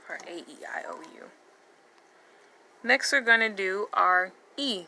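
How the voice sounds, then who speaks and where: A woman's voice: medium pitch, expressive, measured pace, bright, forceful tone, a little hiss or hum. A woman teaching a phonics lesson, patiently repeating letter sounds and words. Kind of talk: slow phonics lesson for learners.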